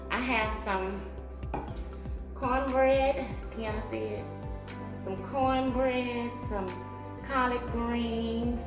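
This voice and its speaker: Woman vlogger, chatty and affectionate, roomy echo with music playing behind. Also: fairly high pitch. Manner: chatty, warm shout-outs, bursts of humming. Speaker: mukbang vlogger. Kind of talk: casual chat to viewers.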